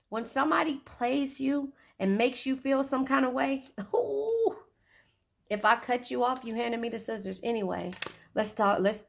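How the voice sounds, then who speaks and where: A woman's voice: on the high side, gravelly. A woman giving a casual tarot reading, chatty and swearing, often repeating her phrases. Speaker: tarot reader.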